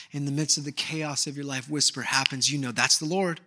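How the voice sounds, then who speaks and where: Male pastor, 30s, lively sermon storyteller, bright and forceful tone. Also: a little high, normal speed, few pauses. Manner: animated storytelling, swings from hushed to emphatic. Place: church service.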